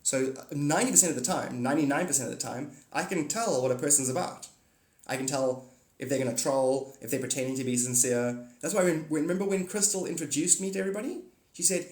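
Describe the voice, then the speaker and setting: Guy rambling on his livestream, blunt and swears a lot, kinda high voice, echoey room. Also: fast talker. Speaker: livestream host. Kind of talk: casual livestream chat with viewers.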